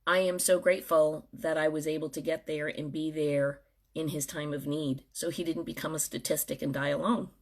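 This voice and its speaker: A woman's voice: sits low, steady tone, moderate pace. A middle-aged woman speaking earnestly and emotionally straight to her viewers in a personal vlog. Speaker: dental professional.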